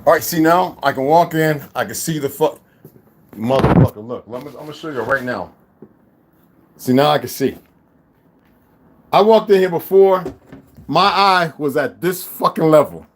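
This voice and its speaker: Profane, animated man telling a story. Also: on the high side, normal speed, long pauses, a little hiss or hum. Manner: profane, animated, addresses viewers as y'all. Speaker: vlogger. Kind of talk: casual storytelling to viewers.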